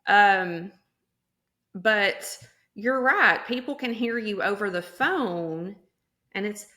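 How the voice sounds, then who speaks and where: A woman in her forties with an Arkansas Southern accent and drawn-out vowels, hosting a casual podcast chat. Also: mid-range voice, pushed and bright. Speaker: podcast host.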